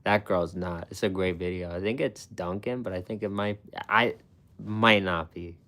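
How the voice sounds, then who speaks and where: A man's voice: deep voice, fairly even intonation, moderate pace, sharp tone. A man hosting a food channel, chatting casually with viewers in a rambling, profane way, with frequent laughs and fillers. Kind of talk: casual live-stream chat with viewers.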